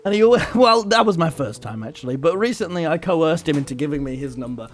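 A young man streaming a game in casual chat, loud and brash, swearing and swinging into shouts. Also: fairly high pitch, animated, fast. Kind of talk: casual gaming livestream chat.

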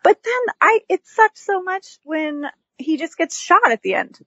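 A woman's voice: very high voice, very animated, measured pace, vocal fry, fairly bright tone, no room sound. A woman on a podcast chatting casually about a movie and laughing easily. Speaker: podcast guest. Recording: dull lo-fi audio.

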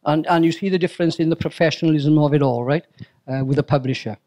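A man's voice: on the high side, fast talker, darkish tone. An older man giving a chatty, anecdotal talk to a club audience, full of fillers and repeated words. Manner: chatty storyteller, acts out dialogue, fillers and repeats. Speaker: guest speaker, crime novelist.

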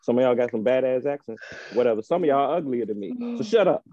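A man co-hosting a casual podcast, rambling loudly and joking with profanity. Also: medium pitch, lively intonation, fast talker, dry recording, muffled recording. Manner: loud, rambling and joking, with frequent laughter. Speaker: podcast co-host.

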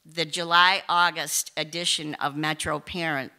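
Bright-voiced woman telling a story on stage. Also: low voice, fairly even intonation, unhurried. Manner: chatty, emphatic, many asides and restarts. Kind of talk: live personal storytelling. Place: live stage event before an audience.

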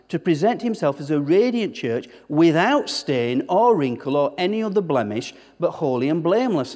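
A male pastor delivers an emphatic sermon, firing rhetorical questions at his congregation. His voice sits fairly high for a man. The sound rings with the long reverb of a church hall. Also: darkish tone. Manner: emphatic preaching with rhetorical questions and repeated words.

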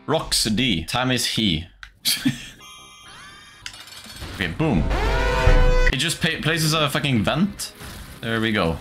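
Man, streamer, casual game commentary, lively up-and-down pitch, swears a lot, music playing behind. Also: slow pace, long pauses. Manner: excitable, swears often, laughs a lot.

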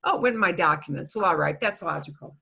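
Middle-aged woman teacher, bright husky voice, chatty explainer for an online class. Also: on the low side, animated, fast talker. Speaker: Spanish teacher.

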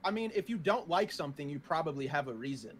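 A man's voice: a little high, lively intonation, fast, slight background noise. Opinionated man in casual chat. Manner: opinionated, argumentative, laughs often.

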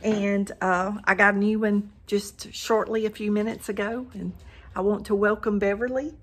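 In this casual cooking chat to camera, a Southern country vlogger in her older years talks while she cooks at home, dropping plenty of "y'all"s. She has a mid-range voice with fairly even intonation at normal speed, and there's a little hiss or hum.

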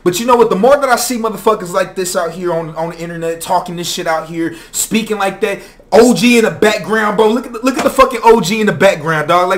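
A young man ranting in a profane, exasperated reaction commentary, now and then breaking into shouts. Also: sits high, fast talker. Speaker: commentary vlogger.

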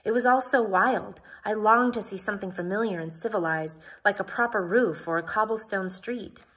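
A woman's voice: medium pitch, moderate pace, fairly bright tone. A woman reading a novel aloud, with plain narration and chatty comments between passages.

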